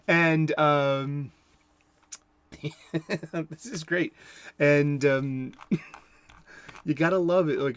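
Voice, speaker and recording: A man's voice: mid-range voice, fairly bright tone. A man giving casual commentary on horror movies, rambling and chuckling, with many restarts.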